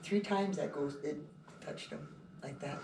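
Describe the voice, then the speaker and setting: An animated, rambling storyteller who keeps stacking "I said" and "he goes" while telling a casual anecdote. The voice sits at a middle pitch. It is caught from a distance in a roomy space with clear background noise. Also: unhurried. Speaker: storyteller at the cafe. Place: indoor cafe.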